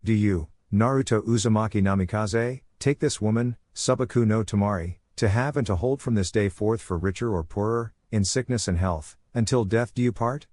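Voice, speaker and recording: A man voicing a calm young man officiating a wedding, speaking in a flat monotone. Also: lowish voice, normal speed, few pauses, no echo, close to an everyday voice. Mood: solemn.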